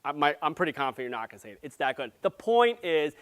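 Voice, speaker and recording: A man giving a live conference presentation, playful and jokey, with quick asides to the audience. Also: fairly high pitch, clean tone. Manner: grows loud and excited as he goes. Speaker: conference speaker.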